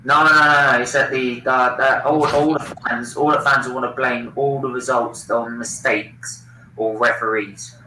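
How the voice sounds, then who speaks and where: A man's voice: mid-range voice, flat delivery, normal speed, pushed and bright, reverberant, recorded from a distance, slight background noise, low-quality recording. A man hosting a football watchalong stream, opinionated and swearing freely in casual chat.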